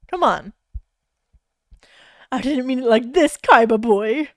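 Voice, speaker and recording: A woman's voice: a little high, animated, slow pace, pauses often, no room sound, studio quality. A woman streamer reading fanfiction aloud and breaking off to react with giggles and exclamations.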